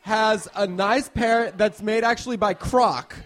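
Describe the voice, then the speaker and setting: A man's voice: sits high, a little slow, fairly bright tone. A man playing an earnest, upbeat male fashion mentor in a comedy sketch interview, giving confident, rambling advice.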